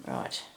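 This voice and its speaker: An older woman with a raspy, deep voice, chatting and rambling through a casual stitching tutorial as host. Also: a little mellow. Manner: chatty, rambling, self-interrupting.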